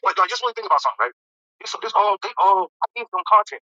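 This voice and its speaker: A man rambling on a livestream at breakneck speed, his voice high and swinging widely. The tone is sharp and tense, and the talk is excitable and profane. The mic sound is dry. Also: quick pace, dry recording, highs cut off. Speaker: stream guest. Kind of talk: rapid livestream chat.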